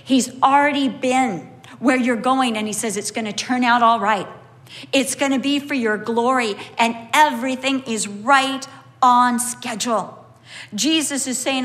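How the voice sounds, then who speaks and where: Expressive woman preaching a sermon. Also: a little slow, big-room sound. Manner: expressive, acts out voices with big pitch swings; emphatic repetition.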